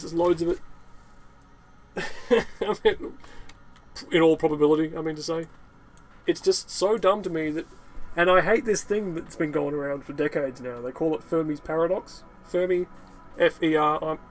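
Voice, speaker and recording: A man's voice: fairly high pitch, normal speed, faint music behind. A man giving rambling, unedited gameplay commentary, swearing, laughing and ranting as he talks. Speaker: gaming channel host.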